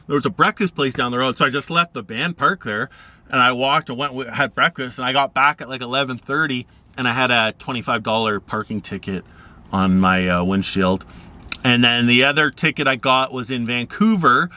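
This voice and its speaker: A man's voice: fairly even intonation, brisk, pushed and bright, dry recording. Laid-back rambling man vlogger. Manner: rambling, laid-back, acts out quoted people in higher voices. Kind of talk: casual storytelling.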